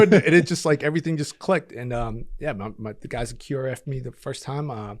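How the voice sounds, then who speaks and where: A man's voice: mid-range voice, brisk, few pauses, dry recording, clean studio sound. A man in his thirties, a podcast guest and former combat controller, telling stories casually with lots of fillers and acted-out quotes. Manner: animated storyteller, acts out quotes, frequent fillers. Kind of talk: casual storytelling interview.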